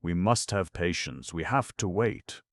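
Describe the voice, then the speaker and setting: A man voicing a melancholy male clockwork man who speaks in a halting, plaintive way. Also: sits low, expressive, no echo, clean studio sound. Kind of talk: audiobook reading.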